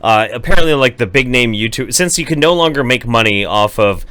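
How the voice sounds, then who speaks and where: Bright-voiced man chatting on a podcast. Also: medium pitch, expressive, no echo. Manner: profane, chatty, quick to laugh. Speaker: podcast co-host. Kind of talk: casual chat.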